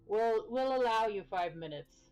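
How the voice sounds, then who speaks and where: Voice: medium pitch, expressive, normal speed, a little mellow, clean tone, faint music behind, lightly acted. A game master voicing a curt, businesslike jail guard in a tabletop game, recorded on a dull lo-fi mic.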